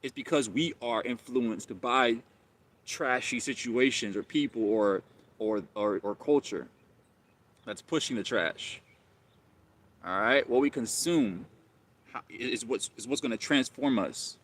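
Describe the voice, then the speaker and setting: A man's voice: mid-range voice, a little slow, fairly bright tone, a little hiss or hum. A man hosting a live stream, talking casually and rambling, often repeating himself and calling listeners bro.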